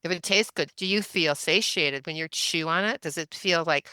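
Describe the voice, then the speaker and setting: A woman's voice: fairly low pitch, moderate pace, bright, forceful tone, clear, resonant tone, no room sound. A woman in her seventies, a podcast guest telling stories in a chatty, anecdotal way and laughing often. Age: 70s. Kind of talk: casual storytelling interview.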